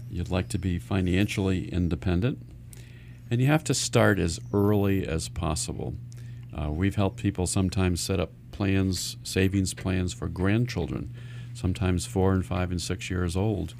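A man's voice: low-pitched, normal speed, creaky, darkish tone, slight background noise. A man hosting a radio talk show as a financial advisor, explaining earnestly and often restarting his sentences.

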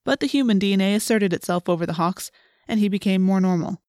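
A woman narrating an audiobook in a steady, clear storytelling manner. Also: medium pitch, quick pace, dry recording, clean studio sound. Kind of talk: scripted narration.

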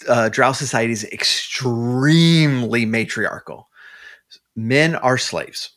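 A man's voice: mid-range voice, animated, takes it slowly, fairly bright tone. A man, a podcast guest, chatting casually and retelling a story, with many restarts and fillers. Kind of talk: casual chat.

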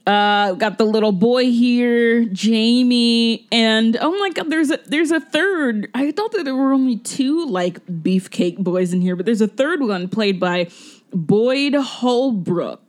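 A woman's voice: on the high side, lively intonation, takes it slowly. A woman co-hosting a podcast, chatting about a film in a loose way, full of "like" and laughter. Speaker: podcast co-host. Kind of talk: casual film commentary.

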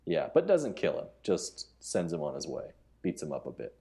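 A man with a deep, warm, relaxed voice chats casually as a podcast co-host. He talks haltingly, restarting his sentences and filling the pauses. His delivery stays easygoing throughout. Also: vocal fry. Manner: halting, many restarts and fillers. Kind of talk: casual chat.

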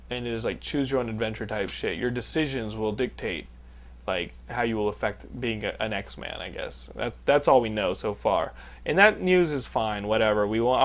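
Hosting a casual podcast, a man in his thirties from Texas laughs through rambling, profane stories. His voice is fairly low in pitch but fairly bright in tone.

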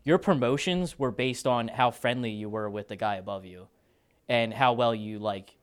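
A man's voice: mid-range voice, moderate pace, clean tone. A man co-hosting a podcast, retelling history casually with lots of fillers and laughter. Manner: loose storytelling, laughs often, many fillers. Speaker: podcast co-host. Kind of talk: casual chat.

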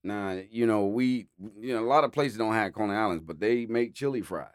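A man's voice: lowish voice, brisk, clean tone, dry recording, studio quality. A man casually telling road stories, acting out voices and laughing often. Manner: animated, acts out voices in anecdotes, laughs often. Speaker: storyteller guest. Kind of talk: casual storytelling chat.

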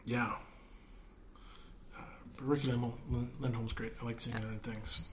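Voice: mid-range voice, flat delivery. A podcast co-host in casual chat who teases playfully and laughs readily. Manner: playful, teasing, quick to laugh.

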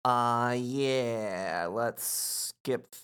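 A podcast co-host casually recapping a video game, reading out character lines with animated asides. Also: mid-range voice, extremely slow, clean tone. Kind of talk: casual chat.

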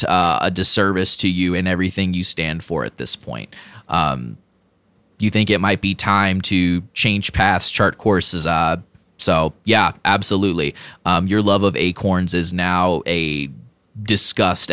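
A man's voice: deep voice, measured pace, bright, forceful tone, clean tone, no echo. A man narrating a tabletop game as game master, rambling with many fillers.

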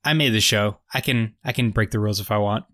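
A man co-hosting a casual podcast, recapping a TV episode in an animated, joking way. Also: fairly low pitch, fast talker, no echo, studio quality. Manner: animated, joking, retells scenes with quoted voices. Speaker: podcast co-host.

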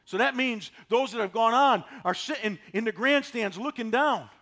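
High-voiced, animated man in his sixties preaching. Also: normal speed. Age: 60s. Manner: animated and folksy, with emphatic repetition. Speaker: pastor. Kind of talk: sermon.

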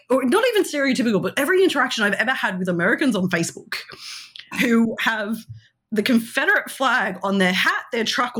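Giggling often and rambling through plenty of fillers, a woman co-hosts a podcast in casual conversation. Her voice sits on the high side with a fairly bright tone.

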